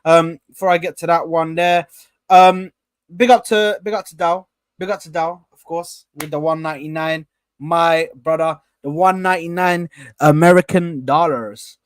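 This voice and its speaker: A man's voice: on the high side, fairly even intonation, normal speed, clean tone, no room sound, clean studio sound. Rambling young man hosting a live stream. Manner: rambling, repeats himself, shouts out viewers. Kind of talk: casual live chat.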